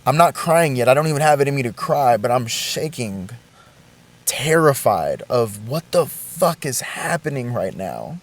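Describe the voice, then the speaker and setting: A young man vlogging a confessional story, shaken and halting, with swearing and frequent restarts. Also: medium pitch, very animated.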